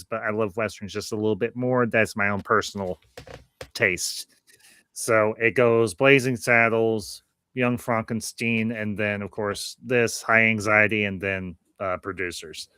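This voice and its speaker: A man's voice: mid-range voice, pushed and bright, clear, resonant tone, no echo, clean studio sound. A man hosting a casual podcast, rambling a little and repeating phrases as he thanks his viewers. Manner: friendly sign-off, thanking viewers. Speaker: podcast host.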